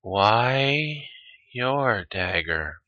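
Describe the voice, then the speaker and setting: A man playing a tabletop game, speaking his character's accusations in a slow, halting way. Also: mid-range voice, lively intonation, sharp tone, no echo, dull audio. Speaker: player. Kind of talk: in-character tabletop role-play.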